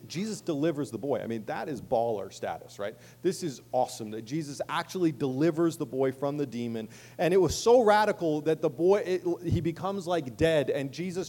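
A man delivers a sermon in a loose, conversational way, slipping into casual asides before swelling with emphasis on key points. His voice sits a bit higher than most men's. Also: warm tone. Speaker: pastor.

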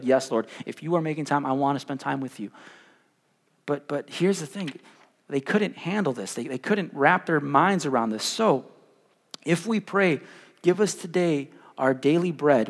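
A young man preaching a sermon as pastor, animated and stumbling over repeated words, swinging between loud and hushed. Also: high-pitched. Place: church hall. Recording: live in a reverberant church hall.

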